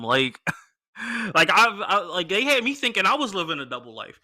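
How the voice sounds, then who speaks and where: Young man, podcast host; casual slangy storyteller, bright, forward tone. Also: sits high, normal speed. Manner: animated, acts out other people's lines in a raised voice, slangy.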